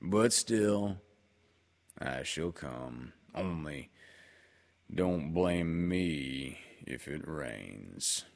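A man voicing a gloomy old male donkey who speaks slowly, low and sighing, in a storybook reading. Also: expressive, vocal fry, heavily acted. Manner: slow, low, sighing delivery.

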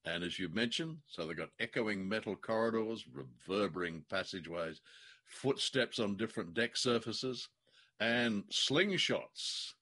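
A man co-hosts a casual podcast with a fairly low voice. He talks in a thoughtful, wry way and now and then slows right down to stress a point. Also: bright, forceful tone. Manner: thoughtful and wry, sometimes slowing down for emphasis. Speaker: podcast co-host. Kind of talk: casual chat reviewing an old radio drama.

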